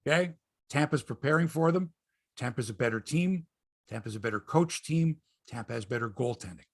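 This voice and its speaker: Husky, ranting male sports host. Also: medium pitch, animated, brisk, no echo, studio quality. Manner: profane, ranting, repeats himself. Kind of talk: casual sports chat.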